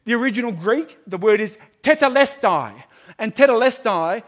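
A man preaching an evangelistic sermon to a live audience, building to loud, emphatic proclamations and then dropping to a hushed, earnest appeal. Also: extremely high pitch, expressive, normal speed. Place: large room with a live audience.

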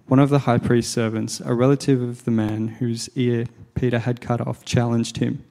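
A man reading a Bible passage aloud in church, in a gravelly, low-key way. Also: little pitch movement, normal speed, warm tone. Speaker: scripture reader.

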